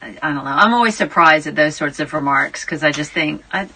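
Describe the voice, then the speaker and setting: Woman cohosting radio, cheeky banter, bright tense voice. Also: low-pitched, fairly quick, slight background noise. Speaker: radio co-presenter. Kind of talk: casual radio chat.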